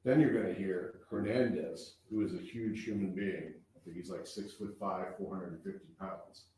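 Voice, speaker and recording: Lower-voiced male prosecutor in an echoey courtroom. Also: warm tone, recorded from a distance. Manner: measured, narrating events step by step. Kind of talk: courtroom opening statement.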